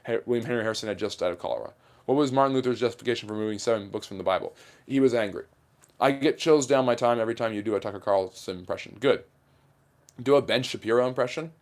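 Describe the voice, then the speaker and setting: A man's voice: medium pitch, fast. A man hosting a livestream Q&A about history, giving blunt opinions as he answers viewer questions. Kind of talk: livestream Q&A chat.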